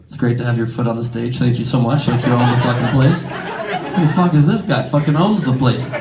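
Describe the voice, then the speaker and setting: A man's voice: mid-range voice, quick pace, darkish tone, reverberant, low-quality recording. A man doing improvised crowd work on a comedy club stage, teasing the audience in a brash, profane way. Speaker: stand-up comedian. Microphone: handheld stage mic. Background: laughing crowd.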